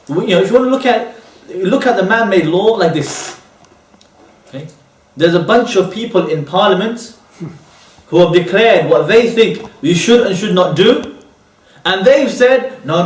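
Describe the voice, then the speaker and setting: A man giving a religious lecture. He keeps checking in with "okay?", asks rhetorical questions, and restates his key terms. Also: extremely high pitch. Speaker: Islamic lecturer. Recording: echoey room, voice from far off.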